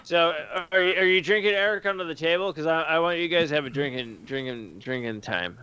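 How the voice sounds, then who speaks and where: A man's voice: on the high side, quick pace, sharp tone, clean tone, dull audio. A man hosting a podcast, chatting casually with crude, rowdy jokes and teasing. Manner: rowdy, crude, joke-telling. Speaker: podcast host. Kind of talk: casual comedic chat.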